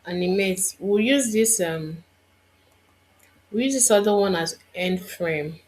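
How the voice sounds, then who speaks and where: A woman's voice: medium pitch, takes it slowly, a little mellow. A woman instructor giving a screen-recorded tutorial, thinking aloud and muttering to herself as she works.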